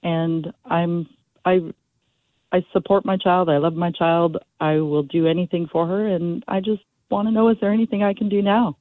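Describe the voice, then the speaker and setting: A woman from California calling into a talk show, emotional and halting, with many restarts. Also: lowish voice, fairly even intonation, dry recording. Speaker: caller. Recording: tinny phone line.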